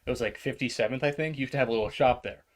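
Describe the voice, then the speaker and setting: A man's voice: mid-range voice, very fast. A man co-hosting a casual podcast, telling a story with lots of laughter and acted-out quotes. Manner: animated storyteller, acts out quotes, laughs often. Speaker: podcast co-host.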